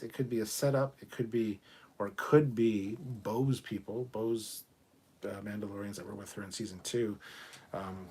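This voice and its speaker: Husky-voiced man hosting a casual live chat. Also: on the low side, darkish tone. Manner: chatty, reads viewer comments aloud, loose and joking. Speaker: livestream host reading chat.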